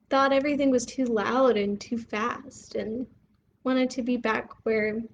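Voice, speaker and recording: Woman, children's storytime host, slow questioning talk, slightly dull recording with faint hiss. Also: on the high side, darkish tone. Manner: asks the viewer questions, pauses to let them think.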